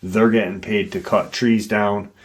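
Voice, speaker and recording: A man casually retelling a listener's paranormal encounter story in an unhurried, conversational way, with fillers and swearing. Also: fairly low pitch, little pitch movement.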